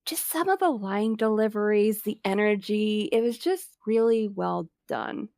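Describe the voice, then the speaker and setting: A woman co-hosting a podcast, chatting casually about movies, bubbly and quick to laugh. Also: mid-range voice, dry recording, studio quality. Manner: bubbly, laughs often, animated. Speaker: podcast co-host. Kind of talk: casual movie review chat.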